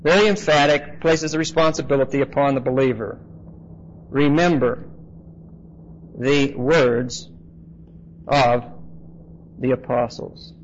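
A man preaching an expository Bible teaching, measured and emphatic, often pausing with "uh" and checking in with "okay?". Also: mid-range voice, steady tone. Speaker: pastor. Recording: slightly dull lo-fi sound with faint noise.

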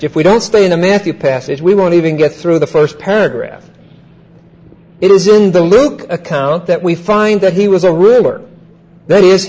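Bible-teaching male pastor, slightly higher voice. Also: darkish tone, husky, low-quality recording. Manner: teacherly, repeats key phrases and checks in with "Okay?". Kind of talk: expository sermon.

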